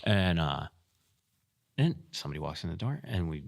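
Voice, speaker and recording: A man co-hosting a podcast, retelling a story in a profane, animated way. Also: deep voice, moderate pace, creaky. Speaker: podcast co-host, field staff. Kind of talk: casual storytelling chat.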